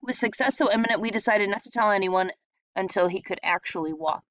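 A woman reading a short story aloud in a steady, reflective storytelling manner. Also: mid-range voice, a little fast, no room sound. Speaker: reader. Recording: dull lo-fi sound.

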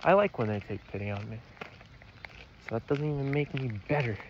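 Brisk and mid-range in pitch, this young man rambles to camera while out on a walk, confessing things, putting himself down, and cursing a lot. It's a walk-and-talk vlog, recorded outdoors with muffled sound and heavy background noise.

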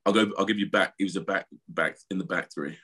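A man with a very deep, husky voice reads a book passage aloud on a podcast. His reading is steady and measured, with the odd small stumble. He speaks into a studio microphone.

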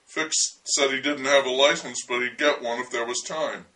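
A man's voice: medium pitch, steady tone, normal speed, pushed and bright, distant mic, poor audio. Man narrating with wry, dry humor. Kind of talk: storytelling memoir narration.

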